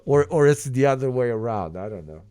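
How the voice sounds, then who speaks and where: A man's voice: medium pitch, expressive, brisk, warm tone, clear, resonant tone, no echo. A man streaming live and reacting to clips, talking in a profane, joking, ranting way. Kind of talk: casual livestream commentary.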